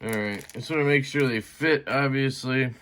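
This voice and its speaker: At normal speed and in a fairly bright mid-range voice, a man takes a knife apart on camera for a casual vlog. He rambles to viewers while fiddling, often grumbling, mildly swearing, and joking at his own expense.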